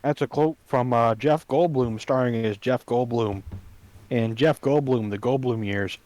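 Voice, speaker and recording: A man's voice: mid-range voice, unhurried, darkish tone. A young man co-hosting a podcast, sarcastic and skeptical, trading silly puns. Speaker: podcast co-host. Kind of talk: casual chat.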